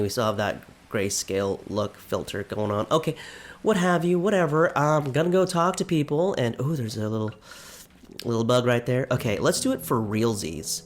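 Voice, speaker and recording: A man giving casual, self-deprecating commentary while playing a farming game, chatting to his viewers and a little out of breath. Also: mid-range voice. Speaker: let's play gamer.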